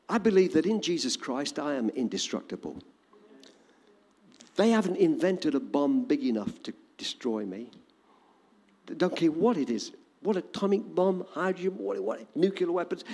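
A man preaching a sermon to a congregation, dramatic and animated. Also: medium pitch, breathy edge, big-room sound. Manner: animated, dramatic, shouting quoted lines.

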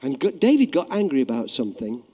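A man preaching a sermon, telling a story with lively acted-out voices that swell loud at the high points. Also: quick pace, breathy edge. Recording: long hall reverb.

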